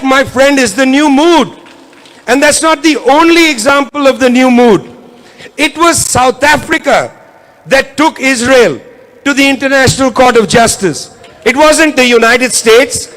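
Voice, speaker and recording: A man's voice: very high-pitched, a little slow, a bit bright. A man giving a keynote political speech, impassioned and driving points home through repetition. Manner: impassioned, repetitive rhetorical emphasis. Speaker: keynote speaker. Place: event hall.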